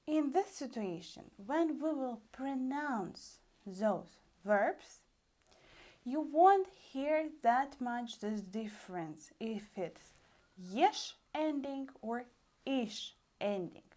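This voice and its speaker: A young woman with a Russian accent teaching a language lesson online, animated and often calling out to her dear friends. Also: on the high side. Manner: animated, repeats "dear friends", stretches out examples slowly.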